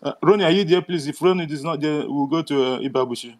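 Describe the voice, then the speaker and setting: A man's voice: a little high, fast talker. A man hosting a live online audio room, indignant and repeating himself as he pleads with intruders.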